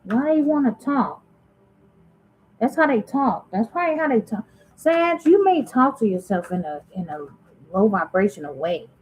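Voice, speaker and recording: A woman's voice: on the high side, very animated, normal speed, a little mellow, poor audio. A woman giving a casual tarot reading to her viewers, talking straight to them and musing aloud as she asks spirit questions. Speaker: tarot reader.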